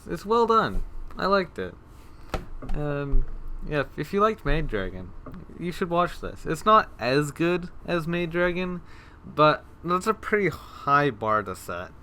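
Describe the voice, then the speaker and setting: A man's voice: on the high side, sing-song, measured pace, sharp tone, slight background noise. A man casually reviewing anime he watched, rambling with many fillers, restarts and dry sarcastic asides. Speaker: anime vlogger.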